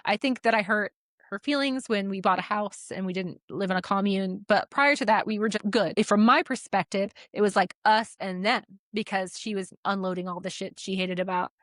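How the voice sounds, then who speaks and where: A woman's voice: mid-range voice, a little fast, dry recording. A podcast co-host, a woman, recounts a falling-out in easygoing conversation. She acts out what each person said. Her voice sits in the middle of the range and sounds dry and close to the mic, with no room sound. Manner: animated retelling, acts out quoted dialogue, swears casually. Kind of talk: casual storytelling chat.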